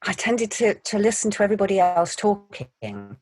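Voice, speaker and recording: Actress, husky and low, measured delivery, dry close mic. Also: female voice, big pitch swings, a little mellow, no room sound. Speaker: actor. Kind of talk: interview answers.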